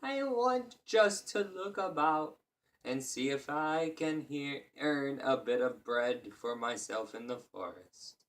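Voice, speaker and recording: A man's voice: fairly even intonation, slow, natural voice. A man voicing a small, frightened but boastful male tailor, speaking in a raised, whimpering voice. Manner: whimpering, higher-pitched.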